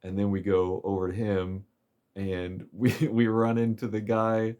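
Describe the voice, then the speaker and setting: A man's voice: fairly low pitch, little pitch movement, measured pace, a little mellow. A man casually recapping a game's story chapter, rambling and chuckling with plenty of fillers. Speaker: game story commentator.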